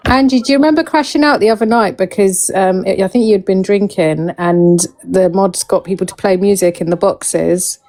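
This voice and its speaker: A woman's voice: medium pitch, moderate pace, few pauses, warm tone, poor audio. A woman in a casual group chat, teasing and gossipy in manner. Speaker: live chat participant.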